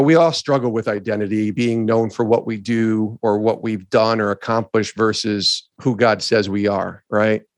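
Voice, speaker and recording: A middle-aged man co-hosting a talk show, telling a story in an earnest, animated way and acting out the people he quotes. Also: fairly low pitch, dry recording, clean studio sound. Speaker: podcast co-host. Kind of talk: storytelling in a conversation.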